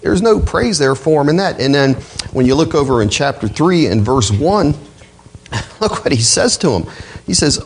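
A male pastor preaching a sermon, with a slightly husky voice, quoting scripture and swinging his voice up high for emphasis. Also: normal speed, rough recording. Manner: expressive preaching, voice climbing high on quoted outbursts.

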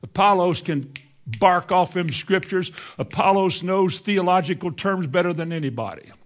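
An older male preacher delivering a sermon with a slightly high voice. He talks in a plain, folksy way, dropping to quiet asides and then pressing his points hard. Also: normal speed. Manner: folksy, emphatic, swings from quiet asides to loud insistence.

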